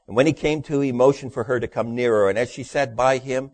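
A man preaching a sermon, telling jokes in a dry storytelling way and dropping his voice low for the punchlines. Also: a little fast, darkish tone, dry recording. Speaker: pastor.

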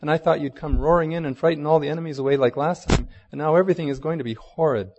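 A man's voice: lively intonation, normal speed, in a large hall, muffled recording, background noise, lightly acted. A man voicing a young girl who is eager and pleading, reading aloud in a sermon. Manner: high, pleading, earnest.

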